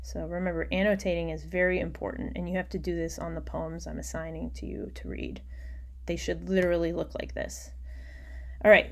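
A woman teaching a recorded poetry lesson, explaining patiently and muttering quiet asides to herself while she annotates on screen. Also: fairly low pitch, little pitch movement, brisk.

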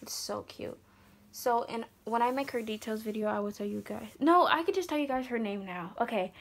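Unboxing something for her vlog, a young woman with a fairly high-pitched voice gushes casually and often slips into breathy whispers.

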